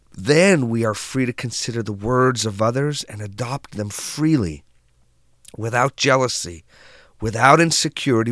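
A man telling parables in a calm, reflective way, with unhurried, drawn-out phrasing and soft endings. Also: medium pitch, no room sound, studio quality. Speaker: storyteller.

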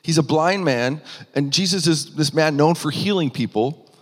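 A man's voice: a little high, normal speed. A man preaching a sermon in an earnest manner, voice rising for emphasis, with frequent restarts. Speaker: pastor. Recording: long hall reverb.

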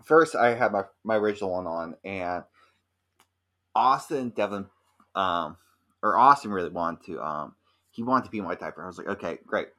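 A young man in casual podcast chat, telling a rambling, animated story full of fillers. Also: deep voice, moderate pace, pauses often. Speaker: podcast co-host.

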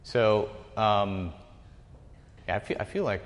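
A man with a somewhat low voice teaches a group in a loose, conversational way, circling back and correcting himself as he goes. His talk rings with the long reverb of a hall. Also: slow. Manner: rambling, self-correcting, chatty with asides.

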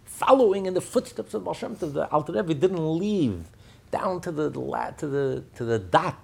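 A man's voice: fairly high pitch, moderate pace, gravelly, slightly rough. A man teaching a Torah class, telling stories with rhetorical questions and acting out the quoted speakers. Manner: animated storytelling, acts out quotes, rhetorical questions. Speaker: rabbi teaching.

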